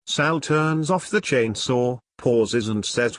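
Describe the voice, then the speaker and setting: A man narrating a crude comic story in a wry, deadpan way. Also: medium pitch, slow pace, no echo.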